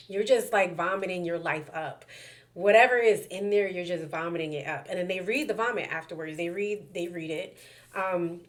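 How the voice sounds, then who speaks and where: A young woman with a slightly low-pitched voice, talking casually and animatedly as she tells a personal story to her viewers. She repeats words and fills her talk with "like" and "um" in a loose, chatty flow. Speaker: vlogger sharing a personal story.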